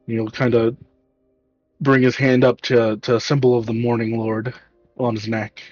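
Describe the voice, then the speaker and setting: Halting male game master, dull sound. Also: medium pitch, flat delivery, a little mellow, dry recording, faint music behind. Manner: casual, halting narration with restarts. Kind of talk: narrating a tabletop game.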